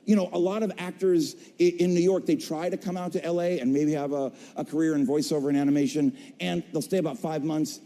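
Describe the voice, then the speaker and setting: A man's voice: on the high side, fairly even intonation, a little fast, few pauses, warm tone. A middle-aged man, a voice actor on a convention stage, tells his career story with playful, self-mocking humor and acts out the people he quotes. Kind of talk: animated storytelling to a live audience. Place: convention stage in a large hall. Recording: long reverb of a large hall.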